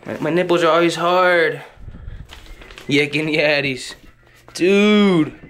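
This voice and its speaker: Hyper, slangy young man, slightly high. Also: fairly even intonation, a little slow, sharp tone. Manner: hyper, rambling, slangy and profane. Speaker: vlogger giving a home tour. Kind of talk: casual rambling home tour. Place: indoors at home. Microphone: handheld camera.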